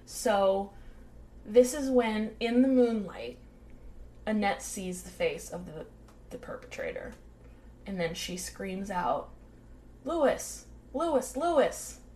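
Animated woman telling a true-crime story. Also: mid-range voice, slow, pauses often. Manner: animated, swearing, acts out quotes. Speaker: podcast co-host.

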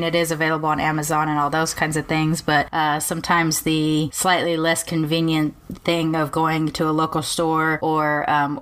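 A woman's voice: low voice, a bit bright. A woman hosting a podcast, talking casually and enthusiastically in a rambling, chatty way with plenty of fillers. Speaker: podcast host. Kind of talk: casual solo podcast intro.

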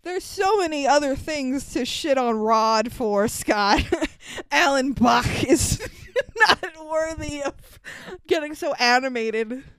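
A woman's voice: high voice, expressive, slow, a bit bright, no room sound. A woman co-hosting a podcast, riffing sarcastically on a bad movie, swearing freely and laughing often. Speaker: podcast co-host. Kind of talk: casual movie-riffing chat.

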